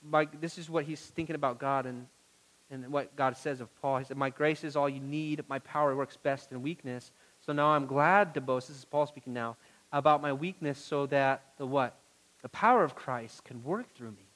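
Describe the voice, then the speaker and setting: This sermon comes from a male preacher with a medium-pitched voice at a moderate pace, captured in poor audio. He moves between quiet intimacy and loud pleading, asking his listeners questions.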